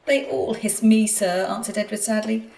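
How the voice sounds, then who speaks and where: A gentle, kindly little engine. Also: female voice, medium pitch, animated, unhurried, creaky, voice pushed up. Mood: sad. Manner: soft and polite. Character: gentle, kindly older male tank engine. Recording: echoey room, distant mic, faint music.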